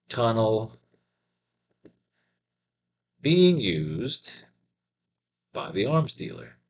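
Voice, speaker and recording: A man, a comic book writer, reads an old cartoon aloud and riffs on it, talking in a loose, profane, animated way. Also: medium pitch. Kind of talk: reading a cartoon aloud and riffing.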